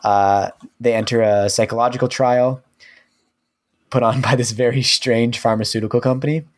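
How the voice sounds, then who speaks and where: A man's voice: medium pitch, fairly even intonation, normal speed. Rambling male podcast co-host. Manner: rambling, filler-heavy recommending. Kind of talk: casual podcast chat. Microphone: studio microphone.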